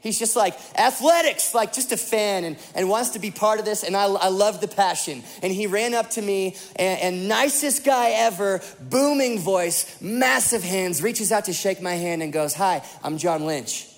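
Young male pastor, high voice, lively rambling storyteller delivering a sermon. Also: moderate pace, hardly any pauses. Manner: animated storytelling with many fillers.

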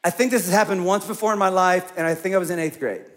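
High-voiced man preaching a sermon. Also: fast. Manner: conversational, acts out quoted voices. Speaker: pastor.

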